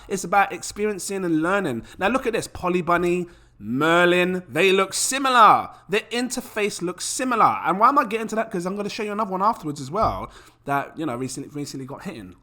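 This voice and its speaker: Animated, bright-voiced man chatting to camera. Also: high voice. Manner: animated, chatty, rhetorical questions. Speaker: crypto YouTuber. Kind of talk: casual to-camera talk.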